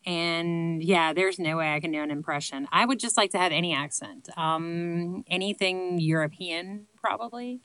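A woman's voice: on the low side, moderate pace, few pauses, fairly bright tone, clean tone, no room sound, poor audio. A woman in her late thirties with a Southern accent, chatting casually to camera and answering questions in a rambling, self-deprecating way full of ums. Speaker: vlogger answering viewer questions. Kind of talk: casual chat.

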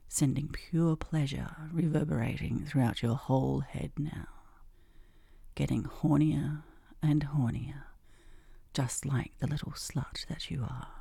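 A woman in a whispered role-play, speaking in a breathy whisper with a slow, commanding, teasing manner. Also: rumbling low, dark tone, no echo, clean studio sound. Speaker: hypnosis role-play performer.

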